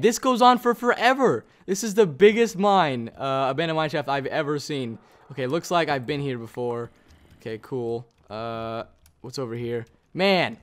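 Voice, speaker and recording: A gaming YouTuber talking to himself in excitable, rambling let's-play commentary as he plays. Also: mid-range voice. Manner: excitable, rambling self-talk while playing.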